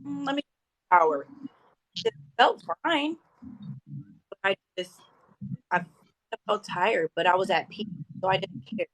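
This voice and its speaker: A woman's voice: mid-range voice, big pitch swings, unhurried, long pauses, no echo, poor audio. A young woman guest telling a personal story in an emotional, conversational way.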